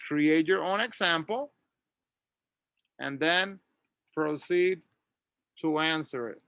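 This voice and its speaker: A man's voice: fairly high pitch, slow, gravelly, fairly bright tone, smooth, no room sound, clean studio sound. A man teaching an English lesson, patiently drilling words and asking listeners to repeat after him.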